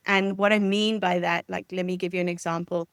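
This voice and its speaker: A woman's voice: lowish voice, little pitch movement, a little fast, a bit bright, clear, resonant tone, dry recording, studio quality. A woman speaking as a family counsellor guest on a podcast, explaining ideas in an earnest, conversational way. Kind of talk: conversational interview.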